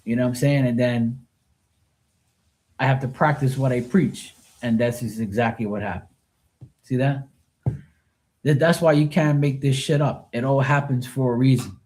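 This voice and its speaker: A man's voice: mid-range voice, moderate pace, pauses often, darkish tone. A man chatting casually on a live tarot stream, rambling and swearing freely. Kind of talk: casual livestream chat.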